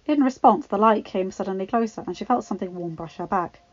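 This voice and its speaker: A woman narrating a fanfiction story in an even, measured reading voice. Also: medium pitch, no room sound. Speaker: fanfiction reader. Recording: dull lo-fi, dry.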